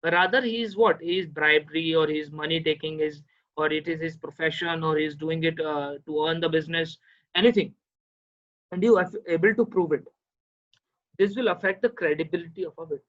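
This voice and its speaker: A man's voice: a little high, steady tone, a little fast, highs cut off. A man with an Indian English accent giving an online law lecture, explaining step by step with many "uh" fillers and checking in with listeners. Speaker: lecturer on cross-examination.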